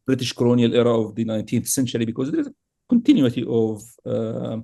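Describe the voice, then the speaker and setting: A man's voice: mid-range voice, fast talker, gravelly. A man giving political commentary on a podcast, emphatic and at times heated, with frequent fillers and restarts. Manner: emphatic, grows heated and animated. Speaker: podcast guest analyst.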